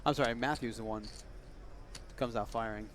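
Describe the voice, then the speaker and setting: A man's voice: mid-range voice, moderate pace. A man calling a heads-up poker match on a live stream, his tone loose and chatty as he trades jokes with his co-host. He restarts his sentences now and then, and a faint hum of the room sits under his voice. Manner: relaxed banter, frequent restarts. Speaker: poker commentator.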